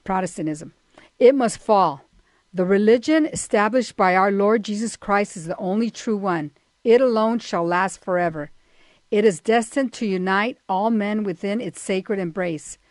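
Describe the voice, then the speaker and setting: A woman's voice: medium pitch, measured pace, no echo. Woman reading aloud, dry sound. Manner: steady reading with frequent agreeing murmurs. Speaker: co-host.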